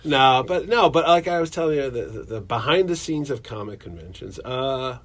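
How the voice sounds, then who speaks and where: A man who runs a comic convention, chatting casually and acting out quotes from his stories. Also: normal speed. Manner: animated storyteller, acts out quotes in a higher excited voice. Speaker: convention promoter. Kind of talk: casual chat.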